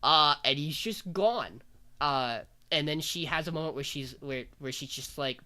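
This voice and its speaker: A man hosting a casual podcast, recapping anime scenes with quick voiced quotes and fillers. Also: on the high side, bright, forceful tone.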